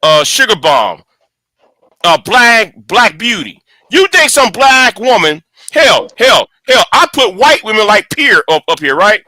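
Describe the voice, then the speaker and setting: Male host, high lively pitch, close dry sound, angry profane rant with many restarts. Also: measured pace, dry recording. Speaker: channel host. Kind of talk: casual livestream rant.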